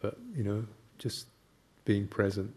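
An older man, a Buddhist monk, giving a gentle, halting reflective talk with anecdotes and soft laughs. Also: lowish voice, level tone, slightly rough.

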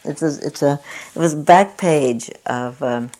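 A woman's voice: sits low, measured pace, mellow. A woman meditation teacher giving a dharma talk at a meditation center, chatty and self-mocking, often laughing at herself.

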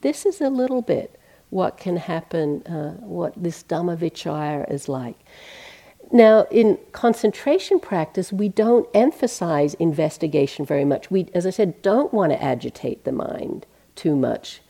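A woman gives a dharma talk as a meditation teacher, her voice low-set and mellow. She speaks gently and conversationally, often saying "you know". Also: lively intonation, a little slow.

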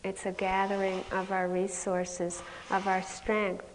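A woman's voice: mid-range voice, monotone, a little slow, slight background noise. A woman meditation teacher giving a candid dharma talk at a retreat, with self-mocking stories that often break into laughter. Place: retreat center meditation hall. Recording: long hall reverb.

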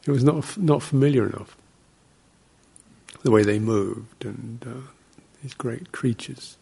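A Buddhist monk teaching meditation gives a relaxed, unhurried dharma talk in a gravelly, husky voice at an average male pitch. He drifts from anecdote to anecdote, breaking things up with soft laughs, quiet chuckles, and short acted-out exclamations.

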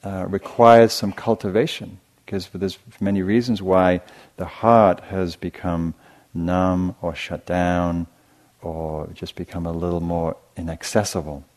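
A man with a very deep voice gives a dharma talk at a meditation retreat. He speaks gently and reflectively, telling stories and often pausing to restart a phrase. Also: flat delivery. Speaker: meditation teacher.

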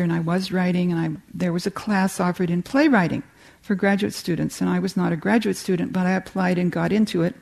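An older American woman giving a warm, humorous talk on creativity, telling stories and reading slowly from a book. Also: mid-range voice. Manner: warm, humorous storytelling with slow reading passages. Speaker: meditation teacher giving a talk.

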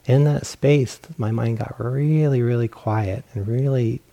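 A man's voice: mid-range voice, a little slow, creaky, warm tone, lo-fi sound. A male meditation teacher giving a dharma talk, telling a personal story in a self-mocking way and acting out his own inner voice.

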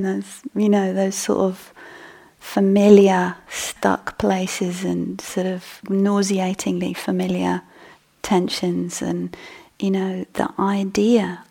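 A woman meditation teacher giving a dharma talk in a soft, breathy voice that often drops to a whisper. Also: medium pitch, level tone, slow. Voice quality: husky, gravelly. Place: meditation hall.

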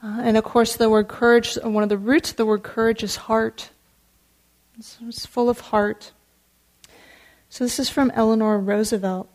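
A woman meditation teacher giving a dharma talk in an earnest, warm storytelling manner. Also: fairly high pitch, level tone, normal speed, pauses often.

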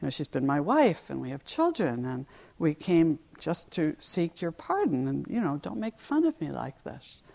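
A woman voicing an anxious young husband pleading for forgiveness in a told folk tale, in her own low voice. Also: very animated, normal speed, vocal fry, a little mellow, heavily acted. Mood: insistent.

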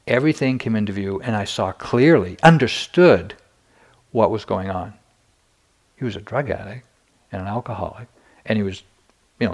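Older man, meditation teacher, dharma talk, candid storytelling, wry self-deprecating humor, lowish voice.

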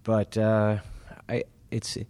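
A man with a very low voice asks a question in a meditation class. He speaks haltingly and pauses often. The sound is dry and close. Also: monotone, warm tone, smooth, no echo. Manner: halting, hesitant, many pauses. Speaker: meditation group participant.

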